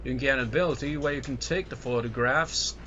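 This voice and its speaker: A man's voice: medium pitch, fast, sharp tone. A man with an American accent giving casual let's play commentary, rambling with lots of "like" and "uh". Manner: rambling, full of "like" and "uh". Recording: dull lo-fi mic with clear noise.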